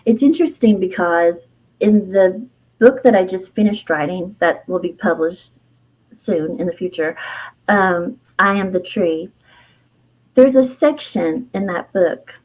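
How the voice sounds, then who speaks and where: A middle-aged woman, an herbalist and author, telling a personal story in an interview, reflective and heartfelt, with fillers and soft laughs. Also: on the low side, unhurried, low-quality recording.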